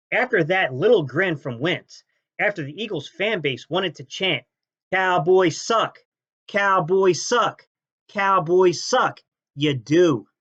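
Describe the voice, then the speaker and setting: Guy trash talking rival fans on his sports channel, kinda high voice, muffled lo-fi audio. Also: slightly rough. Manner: mocking, trash-talking, swings between loud jabs and low sneers. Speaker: sports fan channel host. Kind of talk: fan reaction rant.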